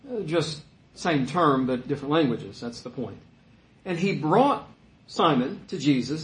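A man with a fairly high voice teaches through a passage of scripture, breaking off into relaxed explanations with "uh" and "you know." His voice carries in an echoey room. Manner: conversational, explains asides with fillers. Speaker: pastor. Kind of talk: expository Bible teaching.

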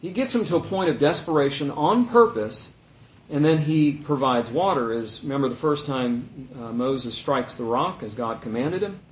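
A man giving conversational Bible teaching in an animated way, his voice jumping higher when he mimics the complainers. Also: moderate pace. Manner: animated, voice rising high when quoting complainers. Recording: roomy echo.

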